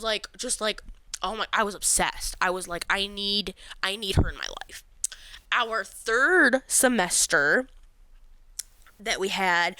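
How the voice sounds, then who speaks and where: A woman's voice: a little high, pushed and bright, no echo, poor audio. Bubbly, gushing young woman storyteller. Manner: gushing, dramatic, quotes herself often, laughs a lot. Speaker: vlogger telling a personal story. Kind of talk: casual storytime chat.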